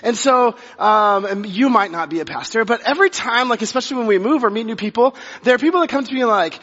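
A man's voice: very high-pitched, fast talker, hardly any pauses, a bit bright. A man in his thirties, a pastor, giving a conversational sermon with many fillers and restarts. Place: church sanctuary. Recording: muffled sound with long reverb of a hall.

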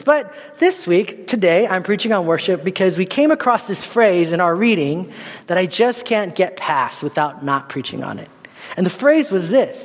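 A man's voice: high-pitched, lively intonation, normal speed. A man, a worship pastor, preaching a sermon and telling a story with playful asides in a church sanctuary. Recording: dull sound, long hall reverb.

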